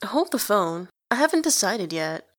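A woman's voice: medium pitch, very animated, moderate pace, dry recording, clean studio sound. A woman voicing a blunt, nosy twelve-year-old boy who fires off brash, teasing questions in a storybook reading. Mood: cheeky.

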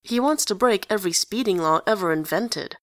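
A woman narrating a story in an even, conversational way. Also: medium pitch, a little fast, no room sound, studio quality. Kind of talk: story reading.

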